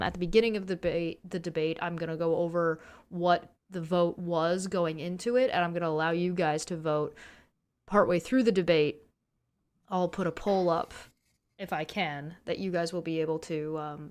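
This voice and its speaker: A woman's voice: on the low side, smooth. A woman hosting a casual livestream, giving chatty announcements and reading out viewer questions. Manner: chatty, loose announcements with fillers.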